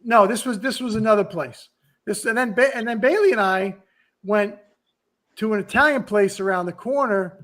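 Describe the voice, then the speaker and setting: A man in his sixties hosts a podcast in a high, somewhat bright voice at a moderate pace. It's a casual chat, and he rambles with restarts and asides.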